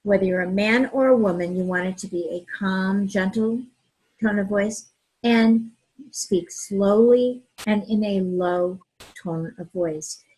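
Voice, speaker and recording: Slow, husky-voiced woman giving advice. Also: mid-range voice, rough recording. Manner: slow, calm and gentle. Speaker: relationship coach, co-host. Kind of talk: advice talk.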